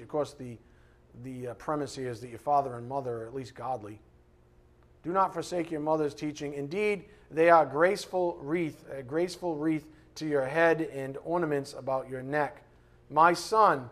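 Blunt, fiery high-voiced male preacher. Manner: blunt, animated, swings between loud and quiet; reads scripture slowly with emphasis. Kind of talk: informal sermon.

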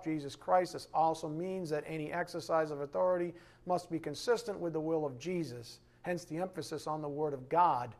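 A man with a high voice teaches a bible lesson from a board. He is emphatic and leans on key words. He slows down to read scripture and drops his voice low for quiet asides.

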